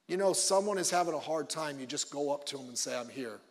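A male pastor preaching a conversational sermon with joking asides, swinging between loud emphasis and quiet low remarks. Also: expressive, quick pace, in a large hall.

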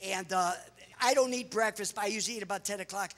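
A middle-aged American man, a pastor and missionary, telling lively stories with laughs and exclamations in a sermon to a congregation. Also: high-pitched, fast. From United States. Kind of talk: sermon storytelling with slides. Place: large church hall before a congregation. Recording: reverberant church hall.

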